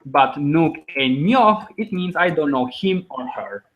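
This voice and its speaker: A man's voice: fairly high pitch, animated, a little slow, muffled recording. A man teaching a language over a video call, patient and encouraging, explaining step by step. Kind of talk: online class teaching.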